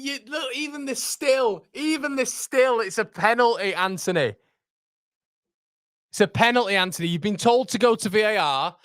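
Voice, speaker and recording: A young man reacting live to a football match for his fan channel, swinging from groans to excited shouts. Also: sits high, no echo, studio quality.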